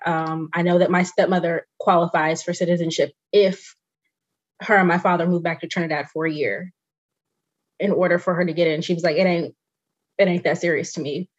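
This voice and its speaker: A woman co-hosting a casual podcast chat, telling family stories in an animated way. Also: fairly low pitch, muffled recording. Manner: animated storytelling, mimics relatives' voices. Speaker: podcast co-host.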